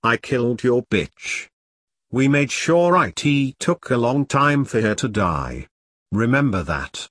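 A man voicing a cruel male warlord in a low, quiet, menacing tone with a husky voice. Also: expressive, slow, no echo.

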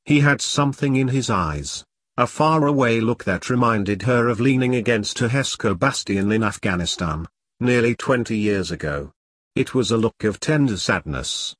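A man narrating a novel as an audiobook reader, in a measured storytelling way. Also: medium pitch, animated, fairly bright tone, husky, dry recording, clean studio sound. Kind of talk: scripted narration.

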